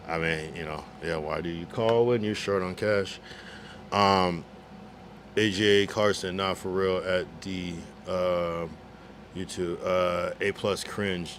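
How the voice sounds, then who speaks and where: A man's voice: sits low, a little hiss or hum. A man streaming live, reading chat messages aloud in a laid-back, slangy way. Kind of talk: casual livestream chat.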